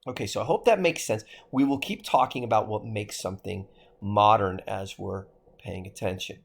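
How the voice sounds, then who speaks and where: A man's voice: fairly low pitch, moderate pace, vocal fry, breathy edge. A man with a Midwestern American accent giving a history lecture to his class, asking rhetorical questions as he goes. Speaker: history teacher.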